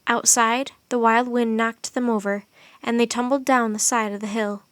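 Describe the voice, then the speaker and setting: Woman, audiobook narrator, expressive storytelling, fairly high voice, dry studio sound. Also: normal speed, smooth, no room sound.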